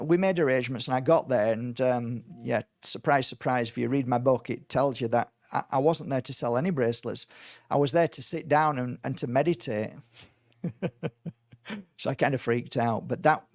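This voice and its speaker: A man, a spiritual teacher, telling a personal story in a casual way and acting out the quoted dialogue with lively energy. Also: medium pitch, no echo, studio quality. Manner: animated, acts out quoted dialogue.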